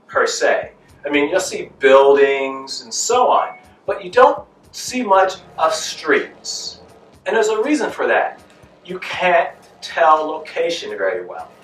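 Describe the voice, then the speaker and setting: A man with a high, somewhat bright voice casually reviews a movie, asking rhetorical questions and repeating his points for emphasis. The recording is distant and echoey, his voice off-mic, with faint music behind him.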